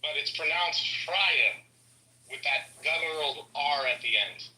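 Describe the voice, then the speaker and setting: A man with a somewhat high, very bright, cutting voice talks in a rambling, halting way. He stumbles through his explanations in casual podcast chat. The sound carries a strong room echo. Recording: echoey room.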